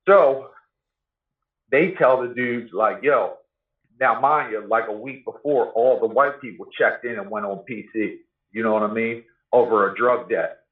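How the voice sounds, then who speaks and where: A man telling a story in blunt, profane street talk, often asking "you know what I mean". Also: mid-range voice. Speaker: guest telling his life story. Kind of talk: casual storytelling. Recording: echoey room over a tinny phone-like line.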